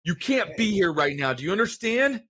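A man's voice: sits high, big pitch swings, moderate pace, sharp tone, slightly rough, voice pushed up, full character voice. A man voicing a nervous young male friend who speaks urgently and repeats himself.

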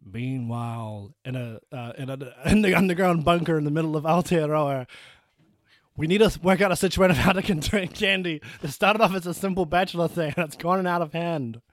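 A man's voice: high-pitched, fairly quick, no room sound. Joking young New Zealand man. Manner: casual, joking. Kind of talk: improvised comedy sketch.

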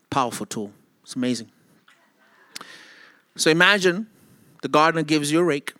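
A man preaching a sermon with impassioned delivery that rises to near-shouting and then drops to soft asides. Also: mid-range voice, no echo.

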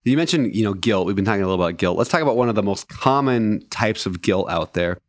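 Fast-talking chatty man, dry sound. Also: lowish voice, animated, no room sound. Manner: fast, chatty, self-deprecating. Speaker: podcast host. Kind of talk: casual interview conversation.

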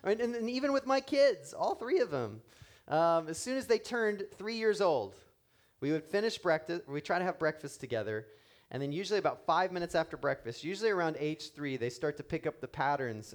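A man in his thirties preaching a sermon, animated, voicing the people he quotes and swinging between loud and hushed delivery. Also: on the high side, fairly quick. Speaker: pastor.

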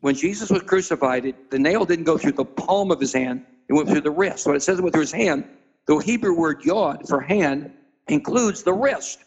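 A man preaching as a guest, retelling a Bible story dramatically and acting out the characters with sudden high-pitched voices. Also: expressive, husky, rough recording. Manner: spells out and stresses Hebrew words slowly. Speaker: pastor being interviewed.

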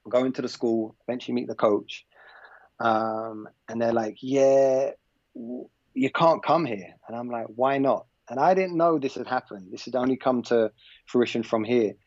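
A man's voice: medium pitch, normal speed, a little mellow, no room sound. A man from England, guesting on a podcast and telling a personal story in a loose, conversational way. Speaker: podcast guest, basketball coach. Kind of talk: casual storytelling in an interview. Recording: slightly dull, lo-fi podcast audio.

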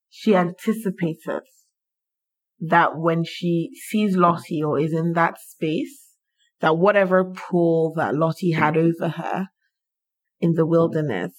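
A woman's voice: lowish voice, slightly rough. A woman guesting on a podcast, chatting casually and acting out her reactions with frequent laughter. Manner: animated, acts out reactions and laughs often. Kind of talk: casual chat.

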